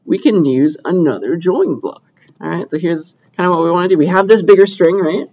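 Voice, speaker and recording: An upbeat young man teaching a class, with a voice set a little higher than most men's. He keeps checking in with his listeners. The recording is dull and lo-fi, made in a lecture room. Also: brisk, darkish tone. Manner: upbeat, asks checking questions often. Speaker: computer science lecturer.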